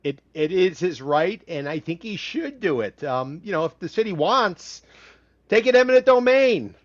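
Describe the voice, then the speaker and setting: An easygoing man hosts a casual podcast chat and agrees readily with his co-host. His voice is fairly high, and the recording sounds dull and dry, with no room around it. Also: lively intonation, moderate pace, dry recording.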